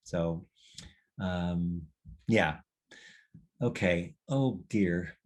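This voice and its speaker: A man's voice: low-pitched, extremely slow. Reflective male workshop leader. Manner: reflective, meandering, with restarts. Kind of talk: conversational teaching session.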